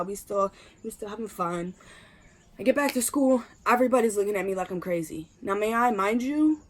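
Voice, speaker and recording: A young woman vlogger telling a storytime, acting out the people in it and swearing casually. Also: mid-range voice. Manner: animated, acts out quotes, swears casually.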